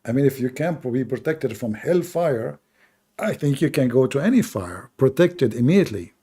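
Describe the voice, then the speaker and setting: A man's voice: medium pitch, animated, moderate pace, dark tone, slightly rough. A man hosting a live online debate and talking in a sarcastic, mocking way, often laughing at his own points. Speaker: live debate show host.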